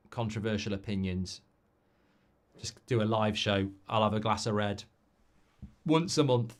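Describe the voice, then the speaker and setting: A man hosting a live football watchalong, chatting with viewers in a sweary, cynical, rambling and animated way, from England. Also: lowish voice. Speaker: watchalong host.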